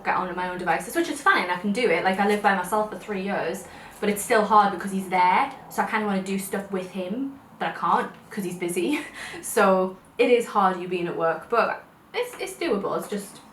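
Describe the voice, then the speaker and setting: A woman's voice: mid-range voice, normal speed, a bit bright, slight background noise. A young British woman vlogger, chatting and telling stories while eating, rambling with laughs. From United Kingdom. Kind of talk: casual mukbang chat. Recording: roomy sound from a distant mic.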